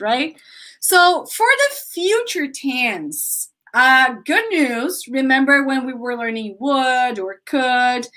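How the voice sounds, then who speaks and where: A woman with a Brazilian Portuguese accent teaching an English grammar lesson, lively and laughing often as she drills students with example sentences. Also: high voice.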